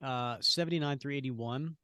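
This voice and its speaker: A man's voice: medium pitch, moderate pace, pushed and bright, clean tone, no room sound. Joking male podcast co-host, dry sound. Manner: joking, laughs easily. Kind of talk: casual podcast chat about comics.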